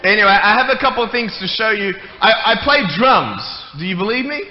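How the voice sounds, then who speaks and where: A man's voice: high-pitched, big pitch swings, brisk. Joking man in an echoey hall. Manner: playful, joking, chatty. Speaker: guest speaker. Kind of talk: humorous stage talk. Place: church hall. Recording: echoey hall, muffled, faint noise.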